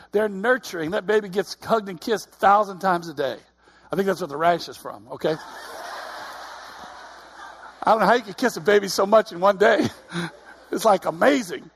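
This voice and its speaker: A man's voice: high-pitched, normal speed, fairly bright tone, breathy edge. A middle-aged man giving a conversational sermon, earnest, often repeating his words. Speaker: preacher.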